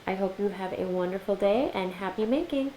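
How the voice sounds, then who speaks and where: Chatty young mom crafting on camera. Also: female voice, medium pitch, a little fast, a little hiss or hum, poor audio. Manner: chatty, laughs often, talks gently to her toddler. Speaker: craft vlogger. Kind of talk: casual craft tutorial chat.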